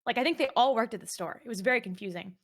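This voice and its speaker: Woman, casual voice chat, teasing and crude, raised pitch, laughs easily. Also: rapid-fire. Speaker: streamer in voice chat.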